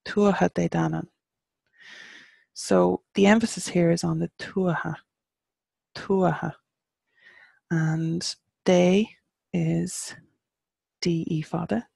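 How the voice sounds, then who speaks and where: Gravelly Irish woman teaching pronunciation. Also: fairly low pitch, a little mellow, no echo. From Ireland. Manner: patient, spells out words and slows down to model pronunciation. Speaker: teacher of Irish pagan studies. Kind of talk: casual online lesson.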